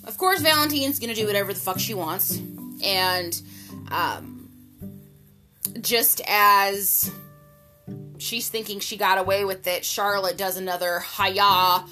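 A woman casually recapping a soap opera episode in an animated, gossipy way, using slang and an occasional swear word. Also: slow, pauses often. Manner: jumps to high, loud pitch for excited retellings. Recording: music playing clearly behind the voice.

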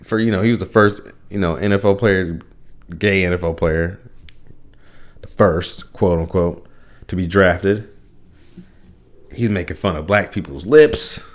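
A man's voice: sits low, measured pace, pauses often. A young man hosting a solo podcast, ranting with profanity, frequent restarts and bursts of laughter. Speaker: podcast host.

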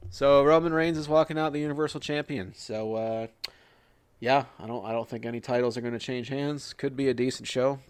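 A man's voice: mid-range voice, steady tone, fairly quick, clean tone, no room sound. Dry-voiced joking male podcast host. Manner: joking, profane, rambling. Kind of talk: casual wrestling chat.

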